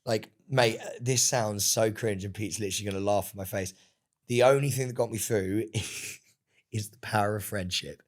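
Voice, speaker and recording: A young man, chatting casually as a podcast guest, telling an animated story and calling everyone "mate". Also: on the low side, moderate pace. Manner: animated storytelling, swears, says "mate" a lot. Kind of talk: casual chat. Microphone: studio microphone.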